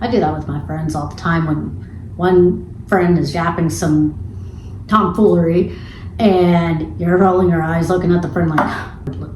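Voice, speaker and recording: A woman giving a casual spoiler review of a film, retelling scenes in an animated, chatty way with some casual swearing. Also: lowish voice, unhurried, a little hiss or hum. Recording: echoey room.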